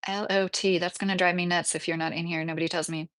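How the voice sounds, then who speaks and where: Speaking quickly in a level, somewhat bright voice on the low side, this woman in her late thirties runs a casual livestream from her mobile home. Between bouts of laughter, she chats and reads out her viewers' comments.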